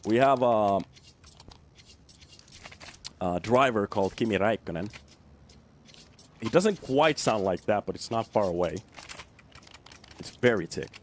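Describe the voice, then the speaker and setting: A man commentating a live esports match, calling plays with excitement and chatting loosely between rounds. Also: on the low side, measured pace, long pauses, a little hiss or hum. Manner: excited play calls, then loose chatty asides. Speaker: esports caster.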